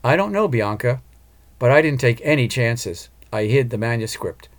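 A man's voice: medium pitch, expressive, moderate pace, lightly acted. A man voicing an earnest, determined woman opera singer and mother in an audiobook. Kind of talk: audiobook character voice.

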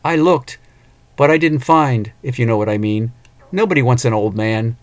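A man's voice: medium pitch, lively intonation, normal speed, no room sound, natural voice. Man doing a wistful lonely farmer. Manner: plainspoken, rural, wistful.

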